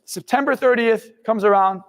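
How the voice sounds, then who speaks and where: A man's voice: high-pitched, moderate pace. A young man in his twenties, a motivational speaker and hypnotist, telling his own life story in an intense, blunt way with some swearing. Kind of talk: personal life story told to camera. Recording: long reverb in the room.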